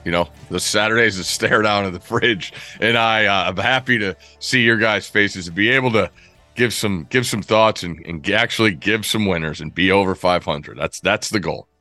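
Brief: low-pitched male co-host, bright edge, dry close sound, rambling. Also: normal speed, no echo, soft background music. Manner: relaxed, rambling with repeats. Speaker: podcast co-host, betting analyst. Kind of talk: sports podcast chat.

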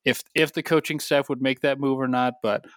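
A man's voice: medium pitch, fairly even intonation, fairly quick, dry recording. A man co-hosting a podcast, thinking aloud in a loose, casual way about a game. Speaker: podcast co-host. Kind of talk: casual sports analysis chat.

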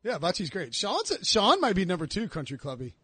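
Animated high-voiced man telling stories. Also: normal speed, a crowd in the background. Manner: animated storyteller, acts out shouted quotes. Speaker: podcast host. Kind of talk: casual chat.

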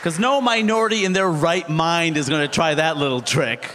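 A man's voice: a little high, moderate pace, few pauses, fairly bright tone, some chatter behind. A man performing a stand-up comedy set on stage, telling stories animatedly and mimicking other people. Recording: live hall with reverb, faint noise.

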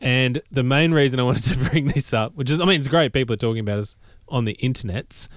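A man's voice: medium pitch, fast talker, no echo, clean studio sound. An Australian man co-hosting a podcast, telling rambling stories in casual chat and laughing often. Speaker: podcast co-host.

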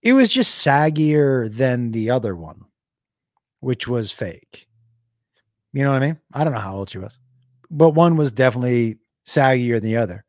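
A young adult man, a comedian, telling a comic story with lively bursts into shouted voices. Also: mid-range voice, normal speed, dry recording, studio quality. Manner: animated, jumps into shouted impressions.

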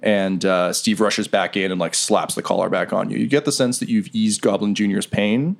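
A man running a tabletop game as game master, narrating scenes in a relaxed, rambling way. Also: lowish voice, normal speed, gravelly.

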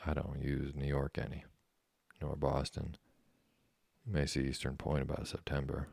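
A man voicing a dry, plainspoken old fishing-schooner captain with an unhurried, folksy way of talking. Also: extremely low pitch, monotone, gravelly, darkish tone, husky, dry recording, full character voice.

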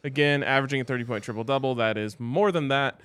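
A man co-hosting a casual sports betting chat in a relaxed, joking way as he runs through his picks. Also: medium pitch, quick pace, clean tone, no echo. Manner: laid-back, joking, gives his picks. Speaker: sports betting podcast co-host.

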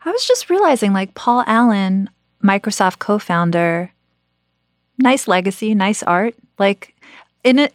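A woman's voice: mid-range voice, lively intonation, no echo. A woman co-host whose voice swings up and down a lot as she reacts, teases and questions. She is recorded close on a dry studio mic with no room sound. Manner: quizzical, teasing, quick reactions. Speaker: podcast host. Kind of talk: casual chat.

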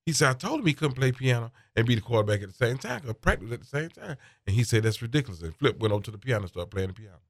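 A man, a comedian guest telling animated stories and slipping into voices. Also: mid-range voice, racing. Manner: lively storyteller, slips into voices and laughs. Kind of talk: animated storytelling chat.

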